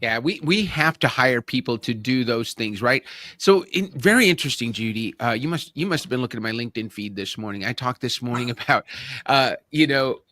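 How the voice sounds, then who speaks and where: Male podcast host, enthusiastic, rambling; bright tone, dry close sound. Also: mid-range voice, brisk, dry recording. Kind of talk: conversational interview.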